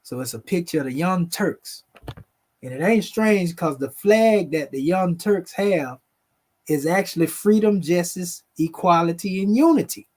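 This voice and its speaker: A man's voice: high-pitched, unhurried, darkish tone. A man casually walking viewers through old photographs, talking in a loose conversational way and calling them family. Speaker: video host presenting photos. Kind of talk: casual explanatory talk over pictures.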